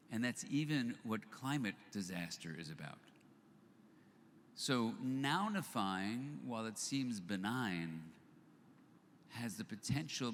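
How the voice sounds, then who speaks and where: An older man giving a live storytelling talk to an audience, animated as he acts out both sides of remembered conversations. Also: lowish voice, slight background noise. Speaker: speaker at a live book launch event. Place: event venue with audience. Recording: long hall reverb, faint ambience.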